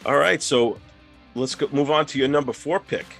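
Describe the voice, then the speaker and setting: A man at mid pitch hosts a casual podcast chat, talking loosely and laughing often. There is faint music underneath. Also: normal speed, gravelly, fairly bright tone. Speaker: podcast host.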